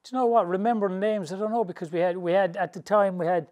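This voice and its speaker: A man's voice: sits high, fast. A man from England, a boxing trainer, telling loose, colloquial stories in an interview and often laughing through them. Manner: animated storyteller, laughs through anecdotes; loose, colloquial, rambling phrasing. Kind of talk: storytelling interview answers.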